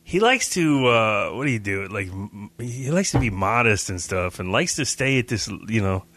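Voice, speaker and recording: A man co-hosting a podcast, talking in a halting, hedging way in casual chat. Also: lowish voice, sing-song, a bit bright. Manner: halting, hedging, lots of fillers. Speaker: podcast co-host.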